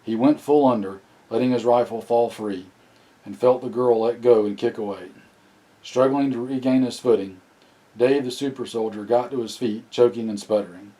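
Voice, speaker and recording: A man narrating an audiobook in a plain, steady reading with occasional restarts. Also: mid-range voice, normal speed, low-quality recording. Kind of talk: scripted narration.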